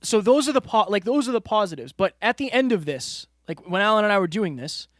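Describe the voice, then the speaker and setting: A man's voice: sits high, animated, fairly quick, fairly bright tone, no room sound, studio quality. A man co-hosting a podcast, talking through his year in an earnest, reflective way and speaking straight to the listeners. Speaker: podcast co-host. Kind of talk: casual podcast chat. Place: studio room with a whiteboard.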